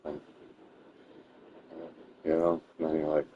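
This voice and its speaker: A man's voice: deep voice, fairly even intonation, a little slow, slightly rough, narrow, tinny audio. A man streaming a game and chatting casually with his viewers, rambling and swearing freely. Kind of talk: casual gameplay stream chat.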